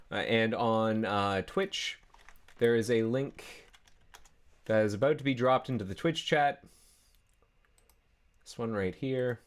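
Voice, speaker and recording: A Canadian man hosting a live coding stream in easy, rambling casual chat, often restarting his sentences. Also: mid-range voice. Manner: rambling, self-correcting, easygoing. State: chewing a carrot. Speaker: livestream coding host.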